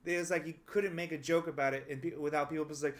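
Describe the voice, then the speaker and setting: A man's voice: a little high, quick pace. A young man hosting a podcast and talking casually, blunt and profane, telling stories with lots of energy. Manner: blunt, profane, animated storytelling. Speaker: podcast host and stand-up comic. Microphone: studio podcast mic.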